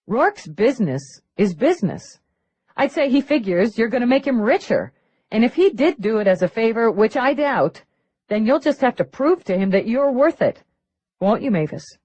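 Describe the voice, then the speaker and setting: A woman's voice: on the high side, sing-song, normal speed, darkish tone, breathy edge, pitched above the performer's own voice. A woman doing a blunt, dry cop. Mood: dry, skeptical. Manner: dry, blunt, matter-of-fact. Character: blunt female police lieutenant, dry and skeptical.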